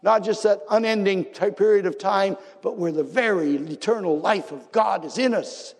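A man preaching a sermon with great passion, swinging between excited bursts and hushed, low passages. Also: normal speed, vocal fry. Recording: long reverb of a large hall.

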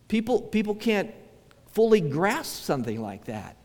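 Male pastor, fairly high voice, chatty sermon delivery with acted-out quotes, church-hall reverb. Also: big pitch swings, moderate pace, a little mellow. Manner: conversational preaching, acts out quoted voices, frequent restarts.

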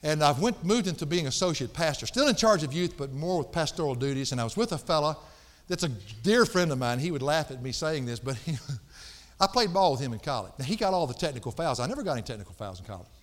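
A middle-aged man preaching a sermon, folksy and emphatic, jumping from loud outbursts to hushed asides. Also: on the high side, expressive, quick pace. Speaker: pastor. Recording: long hall reverb.

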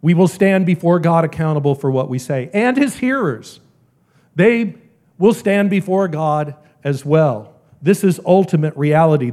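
Man, preacher, church sermon, emphatic, warm mellow timbre. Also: on the high side. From American South. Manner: earnest, emphatic preaching with wide swings in loudness. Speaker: pastor.

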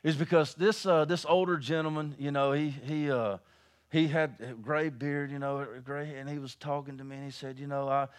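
Preacher with swinging dynamics. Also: male voice, fairly high pitch, fairly even intonation, moderate pace. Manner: storytelling, swings from hushed to loud preaching. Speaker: pastor. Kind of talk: sermon.

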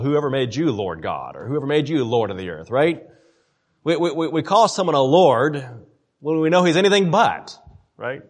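A man teaches a Bible study in a casual, conversational lecture. His pitch swings widely and expressively as he makes each point. He keeps turning to his listeners with "right?" and repeats points to drive them home.

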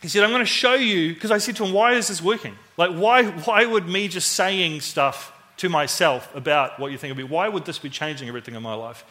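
Animated New Zealand man telling a sermon story. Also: high voice, a little fast, few pauses. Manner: conversational, animated, acts out quoted voices.

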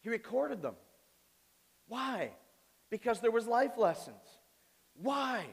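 Man, pastor, animated sermon, asks the crowd questions, high voice, long hall echo. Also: takes it slowly, vocal fry, slightly rough. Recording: reverberant hall.

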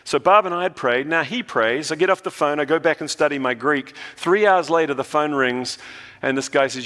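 A man's voice: fairly high pitch, moderate pace, fairly bright tone, big-room sound. A male pastor from New Zealand preaching a sermon, telling stories and often repeating words as he restarts a phrase.

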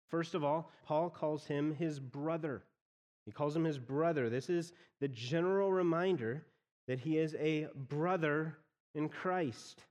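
A man's voice: a little high, darkish tone, long reverb tail. A man preaching an expository sermon as pastor, often repeating phrases as he explains a text.

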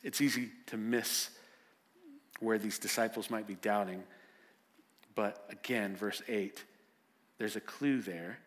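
A male preacher, delivering a sermon as a vivid story that swings from loud and urgent to hushed. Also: lowish voice, fairly even intonation, slow pace, pauses often.

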